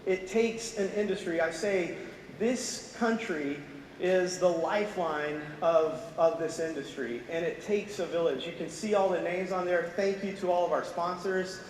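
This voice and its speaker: A man with a notably high voice opens a conference, upbeat and full of thanks, with a few filler restarts. The sound is roomy and reverberant, caught from afar in a big hall with faint noise underneath. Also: a little slow. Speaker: event presenter introducing speakers. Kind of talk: conference opening remarks. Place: large conference hall on stage. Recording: echoey hall, distant mic, faint noise.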